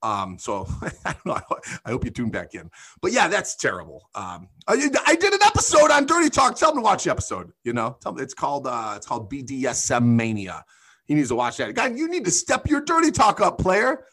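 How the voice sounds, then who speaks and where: Animated, laughing man hosting a podcast. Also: medium pitch, brisk, husky. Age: adult. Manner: loose, profane, laughing, animated storytelling. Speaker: podcast host. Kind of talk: casual comedic chat.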